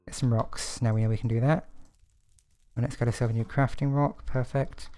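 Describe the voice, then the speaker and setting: A man's voice: medium pitch, steady tone, brisk, dark tone. A man streaming a game, chatting to himself and his viewers in a casual, self-deprecating way. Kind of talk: casual gameplay commentary.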